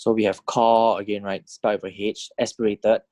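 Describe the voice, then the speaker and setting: A man's voice: fairly low pitch, flat delivery, a little fast, a little mellow, dry recording. A man teaching a recorded language lecture, walking through a table step by step and often checking understanding with "right?".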